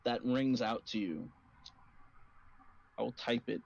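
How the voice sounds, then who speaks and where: A man's voice: mid-range voice, lively intonation, slow, long pauses, a little hiss or hum. Casual young male game master, lo-fi audio. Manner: casual, rambling, many fillers. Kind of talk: narrating a tabletop game.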